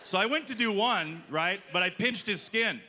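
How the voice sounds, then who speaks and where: A man's voice: high voice, expressive, normal speed, sharp tone. A man doing a stand-up comedy set on a festival stage, telling a story and acting out the lines of the people in it. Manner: storytelling, acts out quoted lines. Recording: live club with crowd and noise. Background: audience laughing.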